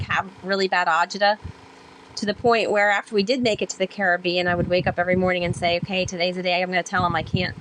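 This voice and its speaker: A woman talks as a podcast guest, telling stories in an animated, rambling way with plenty of "um"s and "like"s. Her voice sits at a middle pitch. Faint noise runs quietly behind her. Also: poor audio. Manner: animated, rambling storytelling with many fillers. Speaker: guest, sailor and author. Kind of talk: conversational storytelling interview.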